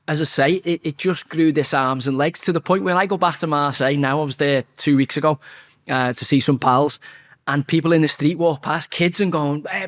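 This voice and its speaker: A man telling a blunt, sweary story as an interview guest, talking fast and animated. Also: a little high. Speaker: interview guest, former footballer.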